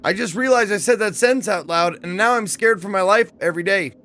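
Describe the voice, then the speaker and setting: A man's voice: high-pitched, a little fast, a bit bright. A man giving casual, joking commentary while playing a game, chatting and laughing often. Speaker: let's play gamer.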